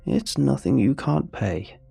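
A man voicing an eerie old female fortune teller with a thick Russian accent, speaking slowly and coaxingly in a storytelling narration. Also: big pitch swings, gravelly, mellow, slightly rough, no echo, faint music behind, exaggerated voice. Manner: slow, low, coaxing.

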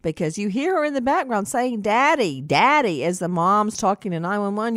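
A woman's voice: medium pitch, animated, moderate pace, few pauses, dry recording, studio quality. A woman hosting a true crime news talk show, speaking emphatically, repeating words and pressing her guests with questions. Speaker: host.

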